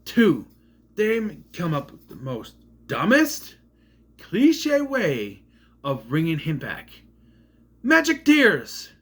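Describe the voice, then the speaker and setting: This movie reviewer rambles casually through a film review, sarcastic and frequently stumbling over names. His voice is on the high side, husky and slow, with pitch that swoops wildly.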